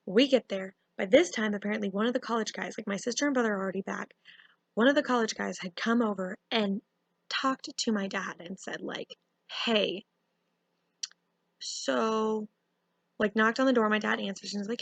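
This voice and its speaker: A young woman telling a casual storytime, animated and full of fillers. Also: mid-range voice, moderate pace, gravelly, dry recording. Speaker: vlogger.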